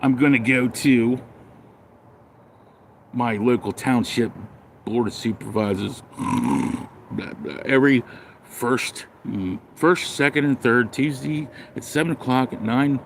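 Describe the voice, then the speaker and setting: A man's voice: mid-range voice, takes it slowly, long pauses, slight background noise. A man ranting bluntly and sarcastically in a casual livestream, then rambling through viewer comments. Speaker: live streamer reading comments.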